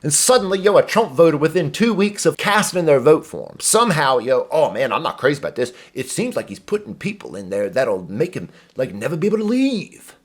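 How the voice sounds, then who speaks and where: Guy ranting hard on a reaction vid, swears a ton, voice jumps all over, kinda high. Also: sing-song, a little fast, few pauses. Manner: profane, exasperated ranting. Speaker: commentary host. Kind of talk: heated reaction rant.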